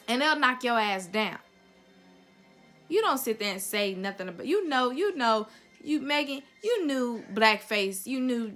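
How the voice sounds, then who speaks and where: A young woman talks straight to her audience in a heated, unfiltered rant. Her voice sits slightly high and sounds bright and forceful, and she lands every point bluntly with plenty of profanity. Soft music plays faintly behind her. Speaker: vlogger. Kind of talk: heated opinion rant to camera.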